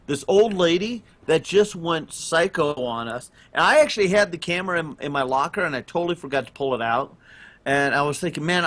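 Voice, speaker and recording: A man co-hosting a casual online chat show, rambling with lots of fillers and getting animated when he tells stories. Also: on the high side. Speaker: podcast co-host. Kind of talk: casual group chat, storytelling.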